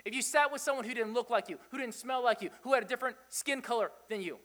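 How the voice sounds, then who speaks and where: A high-voiced pastor races through a spirited sermon, needling his congregation with rhetorical questions and laughing frequently as he drives his points home. The sound carries the openness of a large room.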